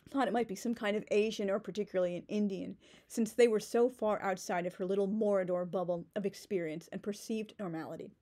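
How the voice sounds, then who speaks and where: A woman's voice: medium pitch, darkish tone. A woman ranting in a book-critique vlog, sarcastic and indignant, with many "like" fillers and restarts.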